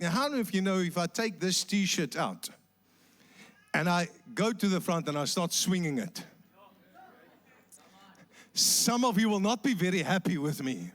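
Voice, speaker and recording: A man's voice: sits high, a little slow, long pauses. A man with a South African accent preaching a sermon in church, telling jokes and acting out voices in his stories. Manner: animated storytelling with acted voices and jokes.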